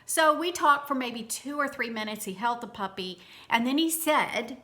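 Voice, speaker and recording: A woman with a bright, slightly high voice recounts a personal story for her viewers. She talks in a chatty, animated way, often restarting her sentences and speaking to the audience directly. The delivery sounds like a casual storytime video. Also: moderate pace. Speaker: vlogger.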